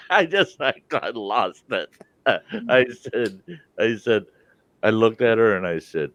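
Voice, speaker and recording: A man's voice: on the low side, lively intonation, slow, a bit bright, no echo. An older man hosting a casual chat, rambling through stories and laughing often. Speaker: host.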